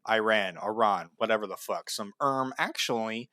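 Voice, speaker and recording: A man's voice: fairly low pitch, moderate pace, pushed and bright, no echo, studio quality. A man giving heated, sarcastic political commentary, blunt and full of profanity. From United States.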